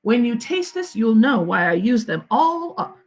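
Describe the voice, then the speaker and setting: A man's voice: very high voice, sing-song, normal speed, heavily acted. A woman reading aloud and voicing a cheerful, bumbling father who coaxes his kids at dinner. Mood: coaxing.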